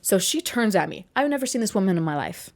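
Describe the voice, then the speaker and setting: A woman's voice: medium pitch, very animated, fast talker. A young woman in her twenties telling a personal story in a casual vlog, chatty and rambling, with asides and self-corrections. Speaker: vlogger.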